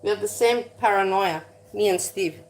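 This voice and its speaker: A woman's voice: medium pitch, normal speed, a little hiss or hum. A woman vlogging while cooking in her home kitchen, talking in a blunt, rambling and profane way. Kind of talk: casual rambling chat.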